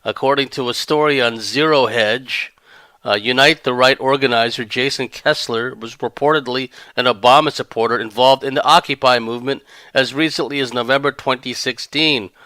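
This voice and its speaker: Male podcast host, rambling sardonic commentary, smooth and resonant voice. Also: medium pitch, fairly even intonation, normal speed, sharp tone, no echo. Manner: rambling, sardonic, breaks into laughter. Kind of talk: monologue commentary.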